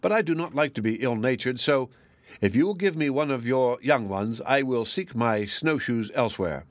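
A man voicing a sly, scheming male fox, smooth and falsely regretful. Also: medium pitch, lively intonation, moderate pace, no echo, natural voice.

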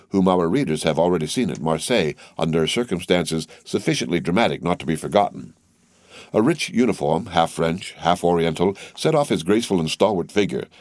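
A man reading a classic novel aloud as narrator, measured and even. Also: sits low, dry recording, clean studio sound. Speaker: audiobook narrator.

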